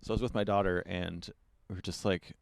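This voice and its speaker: A man hosting a casual podcast interview, talking in a relaxed, meandering way as he tells stories and asks questions. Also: sits low, a little fast, creaky. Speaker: podcast host.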